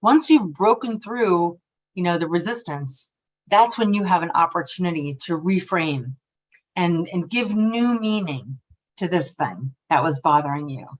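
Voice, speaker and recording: A middle-aged woman presenting a workshop on energy tapping, lively and expressive, often checking in with "right?". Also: on the low side, a little slow. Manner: lively and expressive, acting out quoted voices; frequently ends points with a questioning "right?". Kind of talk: workshop talk.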